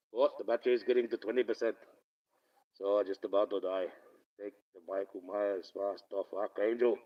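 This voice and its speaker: Recorded on a phone camera from a distance, this man's mid-range voice sounds muffled. He hosts a casual livestream, rambling along, swearing freely and laughing a lot.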